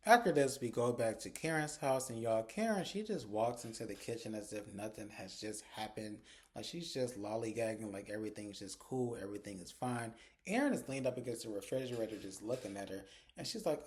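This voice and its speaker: A young man casually recapping a TV episode to his viewers, chatty and animated, acting out the characters' lines as he goes. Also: medium pitch, brisk. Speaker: TV episode reviewer.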